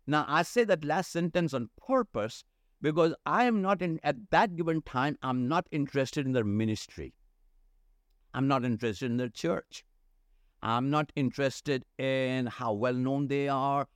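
A man's voice: medium pitch, unhurried, dry recording, clean studio sound. A middle-aged man, a church leadership consultant, talking earnestly in a podcast interview and repeating phrases for emphasis.

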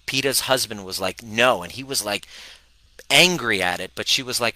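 Bright, dry-voiced male life coach. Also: on the low side, normal speed, dry recording, rough recording. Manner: energetic, blunt, mimics clients in quotes. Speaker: healing coach hosting a live stream. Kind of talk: live-stream coaching talk.

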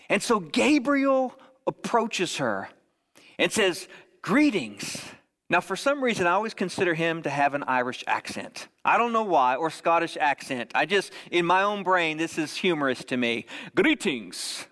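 A pastor preaches a sermon conversationally, often checking in with "right?" His high, bright voice has a forceful tone and a big-room sound.

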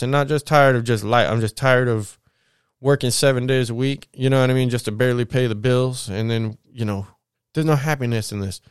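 A man's voice: mid-range voice, clean tone, dry recording, clean studio sound. A young American man talking in a rambling, casual monologue, heavy with slang and swearing. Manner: rambling, profane, slangy street talk. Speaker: vlogger.

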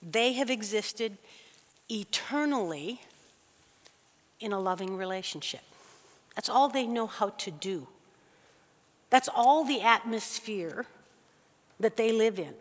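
A woman preaching a sermon to a church gathering, moving between soft, slow passages and loud, quick bursts. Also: medium pitch. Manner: animated, swings from soft and slow to loud and fast. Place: church hall. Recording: long hall reverb.

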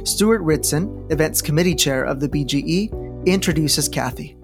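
A man hosting a podcast, reading a scripted introduction in a smooth announcer delivery. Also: a little high, normal speed. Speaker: podcast host. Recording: narration over guitar music.

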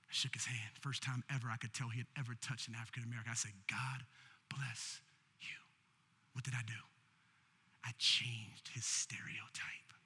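A man's voice: medium pitch, flat delivery, brisk, bright, forceful tone, breathy edge. A man preaching a sermon as pastor, building in intensity, with call-and-response. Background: faint keyboard music.

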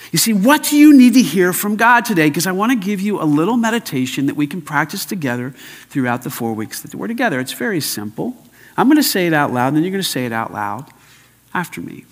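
An older man preaching a sermon as pastor, emphatic, swinging between loud and hushed. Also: high voice, sing-song, quick pace. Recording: long hall reverb.

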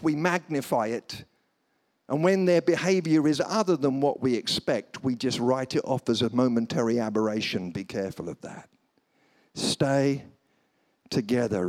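A man preaching a humorous sermon at a church service, telling stories and slipping into comic voices. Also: medium pitch. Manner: animated storytelling, slips into comic voices. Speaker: guest preacher. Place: church service before a congregation.

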